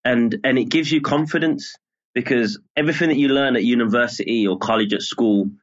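A journalist from Birmingham, England, with a Birmingham accent, talking as a guest in a relaxed, measured way. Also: male voice, mid-range voice. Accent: Birmingham English. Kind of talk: casual interview. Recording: lo-fi muffled audio.

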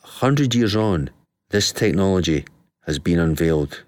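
A low-pitched man hosts a political interview with an emphatic, rhetorical delivery. His voice sits dry and close, with no room sound around it. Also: lively intonation, normal speed, a little mellow, dry recording. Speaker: show host.

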